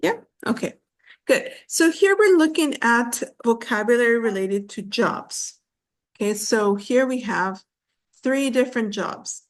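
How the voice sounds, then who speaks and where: A woman teaching on a video call, her voice sitting a little high. she talks slowly and patiently, drawing words out, stopping to say um and repeat herself so the class can follow along. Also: expressive. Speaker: English teacher. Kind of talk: online class teaching pronunciation.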